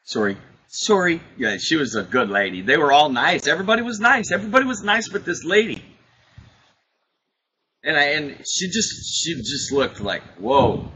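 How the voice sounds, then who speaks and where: A man with a high, husky voice and a bright, sharp tone tells a story with great animation. He acts out what others said and laughs easily as he goes. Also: moderate pace, rough recording. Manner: excitable storyteller, acts out quotes, laughs often. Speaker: podcast host. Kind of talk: casual chat, animated storytelling.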